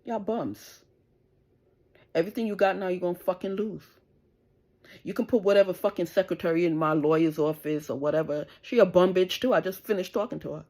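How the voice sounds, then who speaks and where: Quick-paced and fairly low, with a darkish tone, this woman's voice belongs to a middle-aged vlogger. She faces the camera in an angry, cursing tirade, confronting the viewer and asking "you understand?" over and over.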